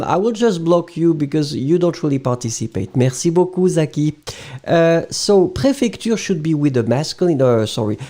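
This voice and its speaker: A man's voice: a little high, mellow. A man with a French accent teaching French in a live-stream lesson, patiently spelling words letter by letter and laughing easily.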